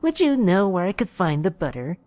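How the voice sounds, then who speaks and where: A man voicing a polite, frail elderly woman shopper in a told horror story, speaking slowly and sweetly. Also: high-pitched, big pitch swings, a little mellow, no room sound, voice pushed up. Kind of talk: storytelling narration.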